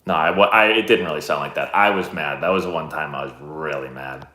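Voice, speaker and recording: A man's voice: rumbling low, fairly quick, bright, forceful tone. Laid-back man chatting on a live stream. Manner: laid-back, rambling, self-deprecating storyteller. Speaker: host answering live chat questions. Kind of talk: casual chat. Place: indoor room, live stream. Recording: roomy echo.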